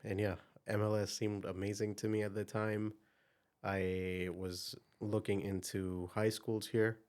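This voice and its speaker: This young podcast guest from India has a low, smooth voice and an Indian accent. In a casual interview chat he tells his story with upbeat energy and many fillers.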